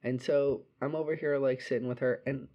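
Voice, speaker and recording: A man's voice: medium pitch, a little fast, dull audio. A young man casually telling a story, swearing freely and acting out quotes. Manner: profane, animated storytelling with voiced quotes.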